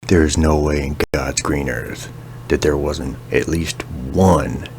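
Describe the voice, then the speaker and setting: A man's voice: a bass voice, fairly even intonation, slow, a little mellow, a little hiss or hum. A young man hosting a podcast, ranting sarcastically with lots of swearing in a casual comedic monologue. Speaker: podcast host.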